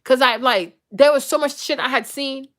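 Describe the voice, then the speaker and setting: A woman's voice: high-pitched, moderate pace, a bit bright. A woman vlogger in a blunt, profane, unscripted rant, acting out the lines of the people in her stories. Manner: blunt, profane, acts out quoted dialogue.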